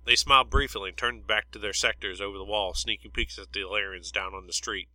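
A man reads a story aloud at a steady, even pace. His low voice has a bright, sharp tone. The recording is dry and close, with no room sound. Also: fairly quick, no room sound, poor audio. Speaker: narrator. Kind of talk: read-aloud story narration.

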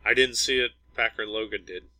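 A man's voice: fairly low pitch, steady tone, fairly quick, sharp tone, no room sound, rough recording. A man voicing a grieving, blunt starship captain who gives firm, clipped orders.

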